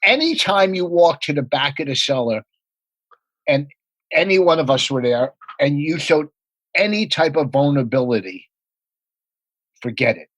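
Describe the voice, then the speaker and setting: A man telling rapid, profane comedy anecdotes in a casual podcast chat. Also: on the high side, expressive, fairly bright tone, dry recording, rough recording. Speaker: comedian guest.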